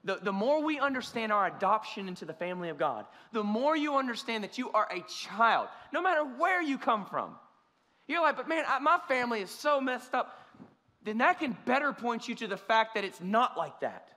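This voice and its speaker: Earnest preacher with a bright voice. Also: male voice, high voice, very animated, moderate pace. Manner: earnest, conversational, with frequent restarts. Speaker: pastor. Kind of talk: sermon. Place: church sanctuary. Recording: church hall reverb.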